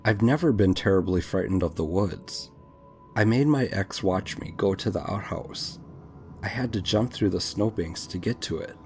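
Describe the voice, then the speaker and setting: A man's voice: sits low, expressive, normal speed, a little mellow, soft background music. A man reading a true scary story aloud in a dramatic, tense scripted narration.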